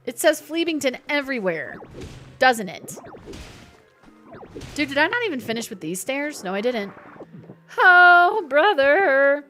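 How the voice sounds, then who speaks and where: Chatty woman streamer with a higher voice, riffing with chat over soft game music. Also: very animated, slow pace, long pauses. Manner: chatty, reads chat aloud and answers it, jokey. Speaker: live streamer. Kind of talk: casual gaming stream chat.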